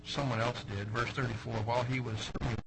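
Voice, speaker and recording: A male pastor preaching a sermon, swinging between loud emphatic phrases and quiet asides. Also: mid-range voice, fairly even intonation, fast talker, gravelly, rough recording.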